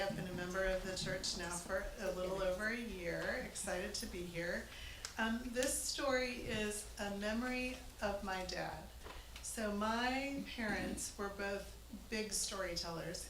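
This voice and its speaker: A woman's voice: mid-range voice, measured pace. A woman telling a funny family story to a live audience in a church hall, chatty and amused. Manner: amused, chatty, laughs between lines. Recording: echoey hall with faint noise.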